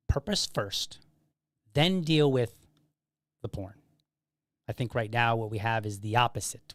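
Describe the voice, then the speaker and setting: A man hosting a podcast, giving a measured, reflective solo commentary. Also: medium pitch, dry recording, clean studio sound. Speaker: podcast host.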